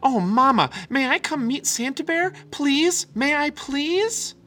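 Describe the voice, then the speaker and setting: A man's voice: very high voice, animated, slow, pushed and bright, pitched above the performer's own voice, exaggerated voice. A man voicing an eager little girl bear cub in a storybook reading. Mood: pleading. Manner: eager, pleading.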